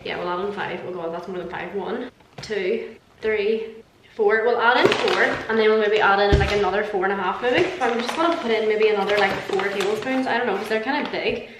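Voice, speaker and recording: A woman's voice: mid-range voice, fairly quick. A young Irish woman vlogging casually while she cooks at home, talking in a chatty, self-mocking way and swearing freely. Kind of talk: casual cooking vlog chat. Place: home kitchen. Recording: echoey kitchen with background noise.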